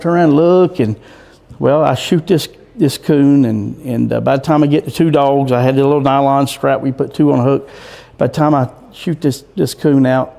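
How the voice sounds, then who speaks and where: A man's voice: mid-range voice, creaky, mellow. A man telling a rambling, folksy story as a guest in a casual interview, with frequent restarts. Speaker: guest, coon hunter.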